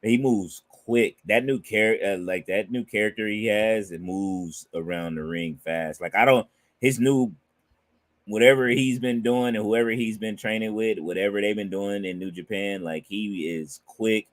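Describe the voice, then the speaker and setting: Low-voiced laid-back man, full of fillers. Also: unhurried, no room sound. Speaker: podcast co-host. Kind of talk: casual wrestling chat.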